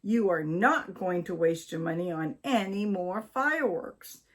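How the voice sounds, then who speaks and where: A woman reading aloud and voicing a fussy, flustered wife in a high, shrill, scolding voice. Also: animated, a little slow.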